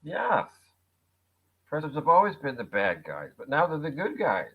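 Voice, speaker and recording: A man's voice: a little high, wildly swooping pitch, normal speed. A man guesting on a talk show, speaking casually and wryly with a sarcastic edge. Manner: wry, sarcastic, laughs at his own jokes. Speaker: guest, actor and writer. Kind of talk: casual conversation. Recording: dull lo-fi sound.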